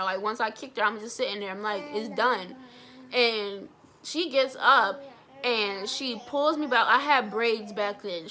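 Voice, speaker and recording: Bright-voiced young woman telling a story. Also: a little high. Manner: blunt, animated, swears freely. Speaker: vlogger. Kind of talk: storytime vlog.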